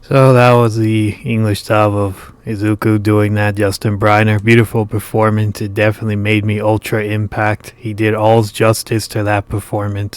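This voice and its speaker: Raspy wry man commenting casually. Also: lowish voice, no echo. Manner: wry, joking asides. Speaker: commentary video host.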